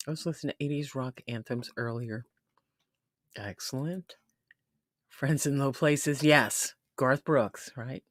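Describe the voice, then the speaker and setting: A woman's voice: a bass voice, unhurried, no room sound, clean studio sound. A woman hosting a casual live stream who chats freely, laughs often and reads comments from the chat aloud. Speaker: livestream host.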